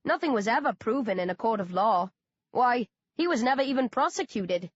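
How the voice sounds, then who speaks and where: A woman's voice: on the high side, expressive, normal speed, no room sound, lo-fi sound. A woman doing a smug beaming lord.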